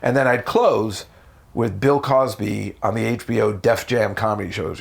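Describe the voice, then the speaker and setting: Profane, animated male comedian storyteller. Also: moderate pace, creaky. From United States. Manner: animated, profane, jumps into high voices for quotes. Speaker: comedian guest. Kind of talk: casual storytelling interview.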